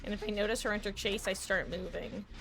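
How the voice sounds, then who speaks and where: A woman streaming a game live, giving chatty, playful commentary with quick asides. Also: medium pitch, steady tone, vocal fry, over music.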